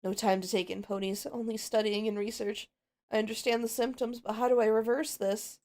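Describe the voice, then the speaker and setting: A bookish young mare pony, scared and worn down, talking through her fears like a diary entry, as a woman puts her on. Her voice sits slightly high and close to the performer's own. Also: little pitch movement, a little fast, a little mellow, natural voice. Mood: anxious. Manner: worried, diary-style narration. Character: anxious, studious young mare pony leader. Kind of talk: Roblox game role-play voicing.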